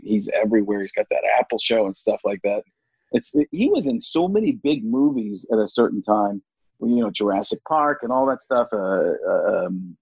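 Brief: husky, lively man in casual interview, dry dull lo-fi sound. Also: fairly low pitch, no room sound. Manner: animated, jumps into voices. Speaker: comedian guest.

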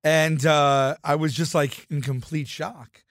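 A man who is a comedian guest, telling lively anecdotes in casual podcast talk and acting out the quoted lines. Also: a little high, slow pace, no room sound, clean studio sound. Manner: animated anecdote teller, acts out quoted lines.

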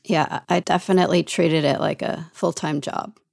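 A woman guest in an interview, telling her story in a lively way and acting out what others said. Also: deep voice, moderate pace, vocal fry, no echo, clean studio sound. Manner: lively, acts out quoted dialogue. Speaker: guest television writer.

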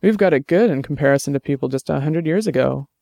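A man's voice: fairly high pitch, lively intonation, quick pace, gravelly, warm tone, no echo. A man voicing a composed, matter-of-fact female captain in an audiobook. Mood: calm.

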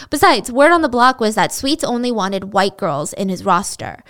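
A woman's voice: mid-range voice, lively intonation, moderate pace, fairly bright tone. A woman casually retelling a true-crime story, chatty and blunt, swearing freely and filling her speech with "like.".

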